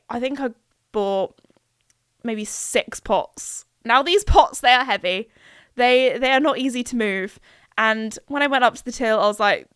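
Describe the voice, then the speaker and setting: A young woman hosting a podcast, telling a story in a chatty, self-mocking way and acting out her own lines in higher voices. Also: fairly bright tone, clear, resonant tone, no room sound, studio quality. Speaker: podcast host. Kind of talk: casual storytelling monologue.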